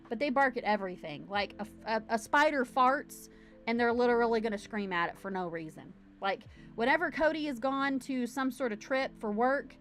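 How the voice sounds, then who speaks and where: A chatty woman with a slightly high voice hosts a casual livestream from home, rambling in a bubbly way. She talks up close to her camera, and faint music plays behind her. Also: fairly bright tone. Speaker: livestream host. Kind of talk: casual live-stream chat.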